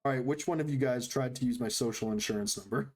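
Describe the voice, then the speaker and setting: A man's voice: mid-range voice, fast talker. A man streaming a game live from home, chatting casually, joking about himself and laughing often. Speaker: livestreamer. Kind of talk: casual live-stream chat while gaming. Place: home room next to a busy street.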